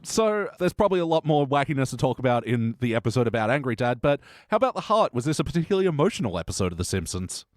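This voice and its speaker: A man's voice: mid-range voice, big pitch swings, rapid-fire, few pauses, no echo, studio quality. A man hosting a casual podcast chat, asking questions and laughing often. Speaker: podcast host.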